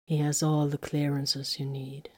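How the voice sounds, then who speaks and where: Woman doing a calm guy commander from a sci-fi audiobook, quiet and dry, low voice. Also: a little slow. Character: deep-voiced calm male space marine commander.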